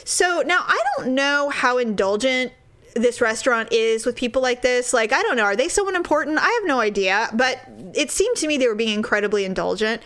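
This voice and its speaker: A woman casually telling a story, exasperated and animated, acting out the people in it. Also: on the high side, fairly quick. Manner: animated, exasperated, acts out voices.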